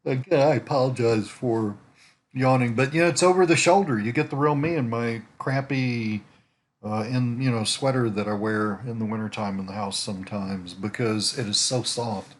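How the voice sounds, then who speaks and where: A man's voice: mid-range voice, normal speed. A man in casual screen-share commentary, thinking aloud as he browses profiles, rambling with restarts and asides, talking from home. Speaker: network marketer prospecting on a social site. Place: at home in winter.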